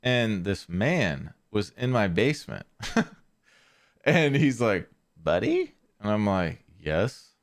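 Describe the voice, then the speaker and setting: A man's voice: fairly low pitch, expressive, slow pace. A man hosting a podcast, telling a story in a casual, rambling way with lots of fillers and restarts. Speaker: podcast host.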